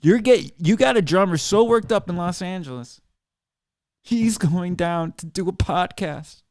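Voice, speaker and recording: Here a man's voice sits high with lively intonation, a measured pace and a darkish tone, recorded without echo. He's a podcast host ranting solo at listeners, sarcastic and cursing, into a desk mic in front of a computer in a small studio.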